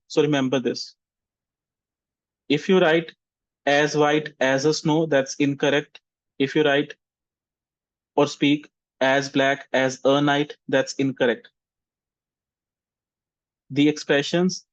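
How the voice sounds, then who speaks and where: A man teaches an online English vocabulary class, sounding out example sentences slowly so students can copy his intonation. His voice sits a little high for a man. The sound is dry and a bit dull. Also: no room sound. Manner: slow, deliberate modeling of intonation.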